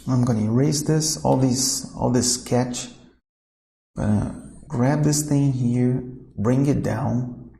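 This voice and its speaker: A man's voice: mid-range voice, takes it slowly, vocal fry, dark tone, echoey room. A man teaching a recorded math lesson, thinking aloud and correcting himself informally as he works.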